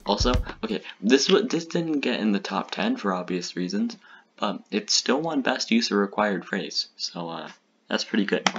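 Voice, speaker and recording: Young guy with a low voice slowly roasting his old videos, kinda muffled audio. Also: animated, noisy background. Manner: rambling, self-mocking. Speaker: video host. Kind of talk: reaction commentary.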